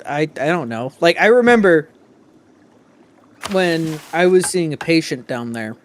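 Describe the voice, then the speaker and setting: A man's voice: on the high side, a little slow, a little hiss or hum. A young man from New England with a New England accent, telling stories in casual chat and acting out quotes. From New England, USA. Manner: animated storytelling, acts out quotes, swears.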